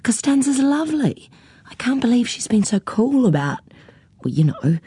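A woman voicing a bubbly, brash young woman who talks high and eager. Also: sing-song, moderate pace, warm tone, husky, dry recording, exaggerated voice. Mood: excited.

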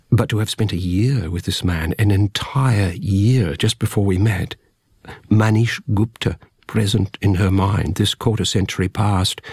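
Husky guy reading a story in first person, kinda low, dry close mic, reflective. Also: darkish tone, no echo. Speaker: audiobook narrator. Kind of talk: first-person audiobook narration.

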